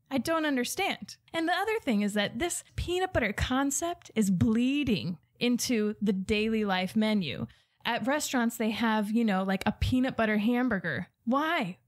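A woman guest comedian delivering an exasperated, incredulous comic rant. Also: high-pitched.

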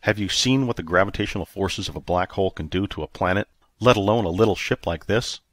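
A man voicing a wounded, feverish male spaceship captain who grumbles low and stubbornly in an audiobook. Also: quick pace, dry recording, clean studio sound. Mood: grumbling. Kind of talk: audiobook character reading.

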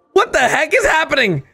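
Lively high-voiced man reacting, unhurried. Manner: excitable, bursts into loud laughter and gasps. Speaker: host. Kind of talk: casual reaction commentary.

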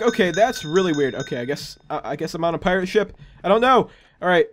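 A man hosting a let's play, commentating excitedly with loud exclamations and jokes. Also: sits high, quick pace. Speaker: gaming channel host.

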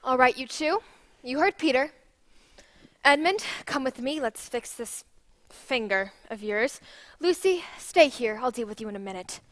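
A woman voicing a sensible older sister who takes charge briskly. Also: high-pitched, lively intonation, voice pushed down. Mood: firm.

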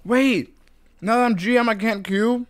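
A man's voice: very high-pitched, normal speed. A man streaming a game, chatting casually with friends and narrating in mock drama. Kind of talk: casual gaming chat.

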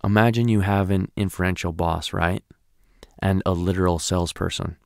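A man's voice: sits low, flat delivery, moderate pace, gravelly, dry recording, studio quality. A man teaching a recorded training lecture, conversational and often checking in with "right?".

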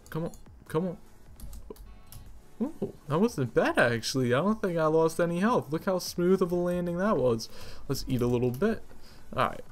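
An excitable young man narrating his own gameplay in a middle-pitched voice, chatting to the animals on screen and shouting when attacked. He trips over words now and then, and keyboard typing clicks along behind him. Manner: excitable, talks to creatures, yelps at danger; stutters at times. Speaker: gamer. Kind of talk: game commentary.

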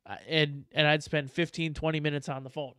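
A man's voice: fairly high pitch, flat delivery, brisk, pushed and bright, clean tone, dry recording, studio quality. A man in his thirties chatting casually on a podcast, laughing often and swearing freely. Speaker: podcast guest. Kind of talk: casual chat.

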